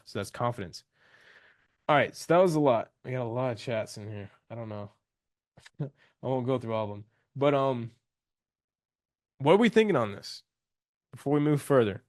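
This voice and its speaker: A young man leads a live coaching call in a loose, slangy way, enthusiastic and often restarting his sentences. His voice sits at an ordinary pitch. The sound is dry and close, with little room around it. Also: normal speed, long pauses, dry recording.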